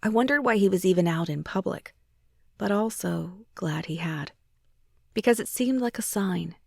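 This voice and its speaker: A woman's voice: mid-range voice, lively intonation, normal speed, creaky, no room sound, clean studio sound. A woman narrating a first-person romance audiobook in an intimate way, sometimes dropping to a whisper.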